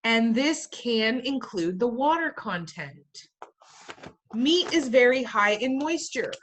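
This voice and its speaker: Woman teacher, lecturing a class, fairly high voice, playful, quizzing students, joking asides. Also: expressive, takes it slowly, a bit bright, a little hiss or hum. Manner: jokey asides.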